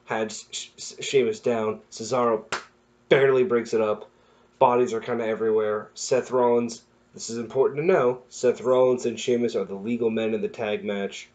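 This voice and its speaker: A young man giving a casual, excitable recap, rambling and correcting himself as he goes. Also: mid-range voice, moderate pace. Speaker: wrestling recap vlogger. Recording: muffled lo-fi recording.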